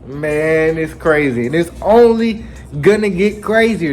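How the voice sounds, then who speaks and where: Animated, slangy anime recap host. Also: male voice, a little high, measured pace. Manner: animated storytelling with slang, acting out characters. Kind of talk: casual chapter recap commentary. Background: faint background music.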